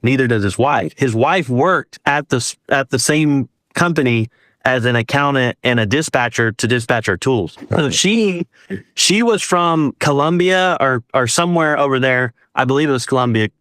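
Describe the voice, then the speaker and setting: A man's voice: mid-range voice, moderate pace, no room sound. Man telling a ghost story, dry close sound. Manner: animated, acts out dialogue with quoted voices. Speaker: guest. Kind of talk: casual storytelling.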